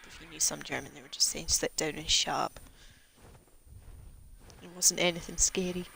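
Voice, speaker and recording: A woman's voice: sits low, fairly even intonation, moderate pace, creaky, pushed and bright, a little hiss or hum, rough recording. A young Scottish woman chatting casually and rambling wryly while she streams a game. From Scotland. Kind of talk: casual chat while playing.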